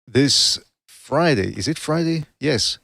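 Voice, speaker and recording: A man's voice: a little high, expressive, slow, gravelly, sharp tone, no room sound, clean studio sound. A man from Canada hosting a boxing podcast livestream, chatting casually and rambling, often breaking off mid-sentence to correct himself.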